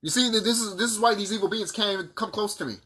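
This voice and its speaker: Husky guy ranting and cussing into his cam, kinda high, keeps asking what does that tell you. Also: very fast, sharp tone. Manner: profane, combative, rhetorical questions. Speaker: vlogger. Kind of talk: ranting monologue to camera.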